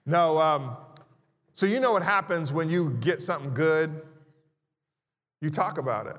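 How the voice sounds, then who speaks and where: A man with a notably high voice preaches a sermon from the pulpit. He keeps it conversational, tossing in humorous asides and rhetorical questions. The sound carries the long reverb of a large church hall. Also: expressive, measured pace, long pauses, fairly bright tone. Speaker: pastor. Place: church sanctuary.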